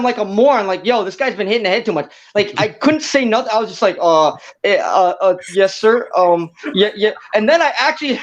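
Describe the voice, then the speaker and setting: Guy talking real fast and high, all worked up telling a story, kinda muffled lo-fi audio. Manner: excitable, animated storyteller who laughs mid-story. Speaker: fighter guest. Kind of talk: casual storytelling on a video call show.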